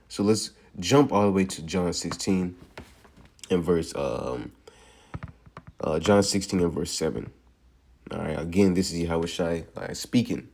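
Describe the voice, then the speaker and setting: A low-voiced man teaches a sermon from the Bible in a mellow, relaxed tone. He reads the verses slowly and keeps saying "all right" as he walks through what each part means. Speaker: preacher. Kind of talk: scripture teaching.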